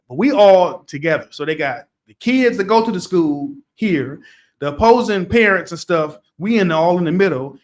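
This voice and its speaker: A middle-aged man with a high voice tells a story on a podcast. He talks casually and with animation, repeating phrases and getting loud as he relives the moment. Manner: animated, repetitive, gets loud retelling. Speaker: podcast co-host.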